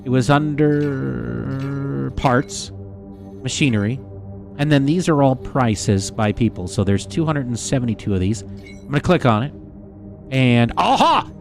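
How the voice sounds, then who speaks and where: A man streaming a game live, talking straight to his viewers in a loose, chatty way. His pitch swings widely as he gets worked up, and he swears casually. Faint music plays underneath. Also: lively intonation, unhurried, gravelly. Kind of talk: live gameplay commentary to chat.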